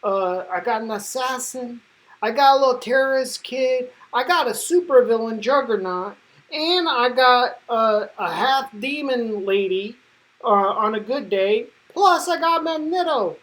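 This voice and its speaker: Een vrouw die doet als een opschepperige, branieachtige mannelijke superheldleider. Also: female voice, on the high side, expressive, unhurried, fairly bright tone, low-quality recording. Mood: cocky. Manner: swaggering, slangy, speeds up. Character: brash cocky male superhero leader.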